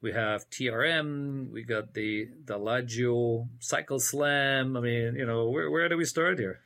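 A man hosts an interview and works his way toward each question out loud, restarting phrases as he goes. His voice sits at an ordinary middle pitch. He sounds relaxed and conversational throughout. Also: measured pace. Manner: conversational, restarts and thinks aloud. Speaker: podcast host.

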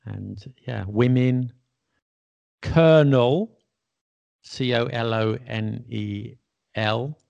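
Slow and creaky, his medium-pitched voice has a darkish tone, captured dry with the highs cut off. He's an English teacher hosting a podcast, chatting casually, self-deprecating and quick to laugh at his own mistakes.

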